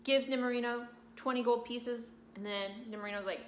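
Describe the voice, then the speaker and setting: A young woman hosting a very casual, slangy summary of an opera, tossing in quick asides as the characters. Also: a little high, echoey room, a little hiss or hum. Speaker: host.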